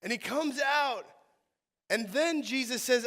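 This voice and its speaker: Brief: male pastor, high voice, animated sermon, echoing sanctuary. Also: takes it slowly. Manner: animated preaching, swinging from soft to loud. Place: church sanctuary.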